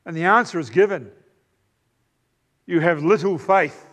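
A New Zealand man preaches in an easygoing, talky manner, his voice on the high side and a bit bright. Fillers mark his pauses, and he directs asides at the congregation.

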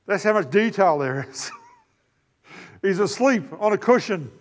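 A man with a New Zealand accent preaching a sermon in a conversational way, pausing with fillers and turning to the congregation with asides. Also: high voice, a bit bright.

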